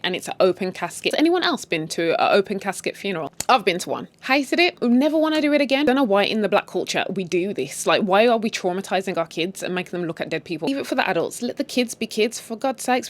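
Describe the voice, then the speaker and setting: A British woman from the UK casually retelling a drama series, chatty and blunt, slipping into quotes and swearing. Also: medium pitch. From United Kingdom. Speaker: series recap host.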